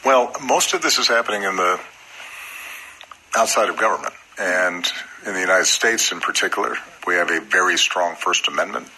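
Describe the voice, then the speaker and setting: A man answering an interview question in a deliberate, thoughtful way with many pauses. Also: low voice, sharp tone, slight background noise, rough recording. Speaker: interview guest. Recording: played-back interview clip over radio.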